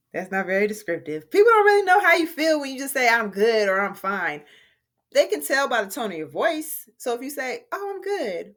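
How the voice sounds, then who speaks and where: A woman English teacher explaining a writing lesson clearly, with deliberate emphasis. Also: mid-range voice, fairly bright tone.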